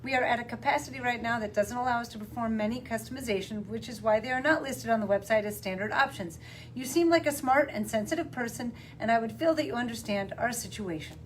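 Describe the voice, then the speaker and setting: A woman's voice: fairly high pitch, fast talker, slight background noise. A woman who directs custom knives, reading her reply to a customer and answering in casual chat.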